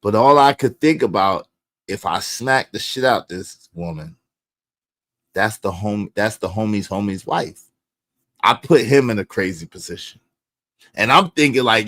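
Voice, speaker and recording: A man telling a personal story in profane street slang, swinging between low mutters and loud outbursts. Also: animated, unhurried. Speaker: podcast storyteller. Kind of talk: animated storytelling.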